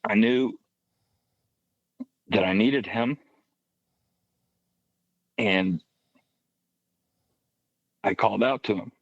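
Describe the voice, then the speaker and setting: Male podcast guest, deep voice, dry and slightly dull sound, thoughtful and halting delivery. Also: no echo. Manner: halting, reflective, with many restarts and soft asides. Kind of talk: personal faith story in casual podcast conversation.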